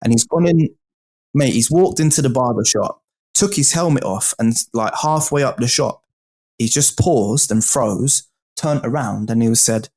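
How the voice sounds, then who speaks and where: Animated man telling a story. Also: medium pitch, normal speed. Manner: animated, swearing, addresses the host as bro and mate. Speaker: guest. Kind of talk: casual storytelling.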